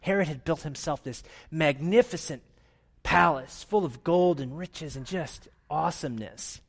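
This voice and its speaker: A man preaching a playful, animated sermon in a church, drawing the congregation into a hands-on retelling. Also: on the high side, a little slow, creaky, slightly rough. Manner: animated, playful, with audience participation. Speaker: pastor.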